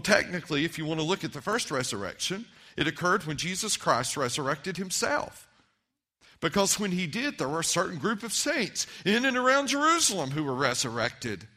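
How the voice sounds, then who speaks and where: A man delivers a sermon from the pulpit with a bright, slightly high voice. He moves between emphatic declarations and hushed, personal asides to the congregation. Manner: earnest preaching, rising to emphatic then dropping quiet and intimate. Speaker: pastor.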